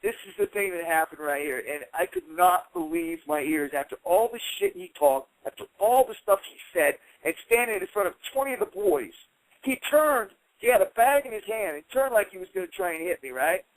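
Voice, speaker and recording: Man, middle-aged, radio guest, animated storytelling, swears, mimics others, slightly high voice, dry close sound. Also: fairly quick, no room sound, low-quality recording. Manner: swears, acts out quoted voices. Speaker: guest fighter. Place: radio studio.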